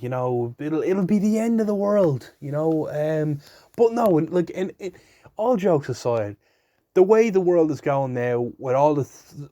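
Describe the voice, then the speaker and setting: A man's voice: medium pitch, warm tone, no room sound, studio quality. A young man hosting a solo podcast, rambling casually with jokes and swearing. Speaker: podcast host.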